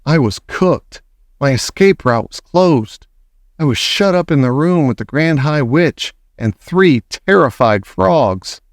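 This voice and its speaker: A man narrating a children's storybook aloud, measured and expressive, at an everyday pitch. The recording is dry and close, with no room sound. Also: dry recording. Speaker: audiobook narrator. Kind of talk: storybook reading.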